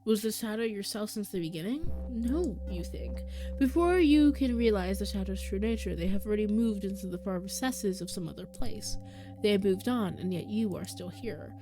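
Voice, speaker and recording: A woman streamer reading game text aloud and reacting, animated and quick to laugh. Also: mid-range voice, music in the background. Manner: animated, breaks into laughter and squeals.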